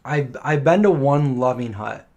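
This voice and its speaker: A middle-aged man chats through a live viewer Q&A. His voice sits at an ordinary, mid-range pitch, and he wanders from story to story, slipping into the voices of the people he describes. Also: lively intonation, unhurried, darkish tone, dull audio. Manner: rambling anecdotal storytelling, acting out quoted voices. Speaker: live stream host answering viewer questions. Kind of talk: casual live Q&A chat.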